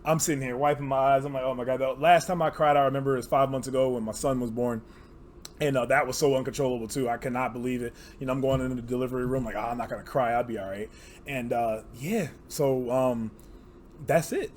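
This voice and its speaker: Brief: young man, mid-pitched, casual vlog, heartfelt and teary, filler-heavy rambling, faint room hiss. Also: fairly even intonation, fast. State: teary, emotional. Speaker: card game player and channel host.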